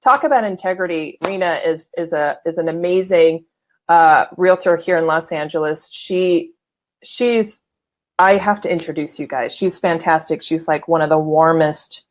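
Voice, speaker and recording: A woman's voice: sits low, moderate pace, dull audio. Bubbly woman hosting a live chat show. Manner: bubbly, laughing, reads out viewer comments. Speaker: host. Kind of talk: casual live-stream chat.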